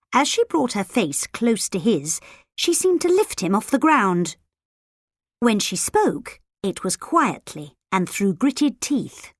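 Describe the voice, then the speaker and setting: A woman narrating a children's storybook audiobook in a lively, expressive way. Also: mid-range voice, dry recording, clean studio sound. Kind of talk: storybook narration with character voices.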